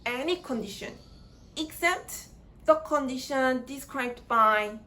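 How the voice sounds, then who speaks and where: Slow, deliberate high-voiced woman lecturing. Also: pushed and bright, low-quality recording. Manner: halting, repeats words while searching for phrasing. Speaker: grammar lecturer.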